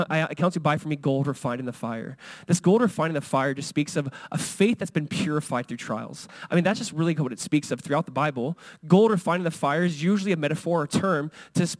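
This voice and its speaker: High-voiced animated male pastor. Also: no echo. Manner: conversational, animated, acts out quotes. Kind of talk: sermon.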